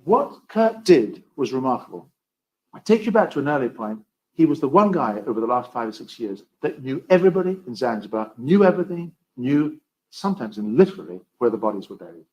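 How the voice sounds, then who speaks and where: A man giving a storytelling history lecture, with dry, wry asides that swing between loud emphasis and quiet remarks. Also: medium pitch, very animated, a little fast, dull audio, a little hiss or hum.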